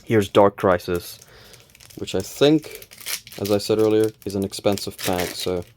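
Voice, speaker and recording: Male host, low voice, relaxed unboxing chatter, counts and names each card. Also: measured pace, background noise. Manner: relaxed, reads card names aloud, counts cards, mild self-corrections. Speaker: channel host opening card packs. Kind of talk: casual unboxing commentary.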